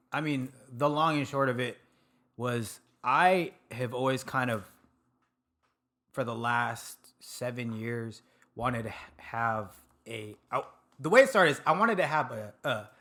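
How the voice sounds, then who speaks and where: Chill dude from sacramento, hawaii twang, just chatting loose, cusses a bit. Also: male voice, mid-range voice, unhurried, pauses often, sharp tone. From Sacramento, California. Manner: laid-back, laughs often, swears casually. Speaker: podcast guest, food truck owner. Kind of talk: casual chat.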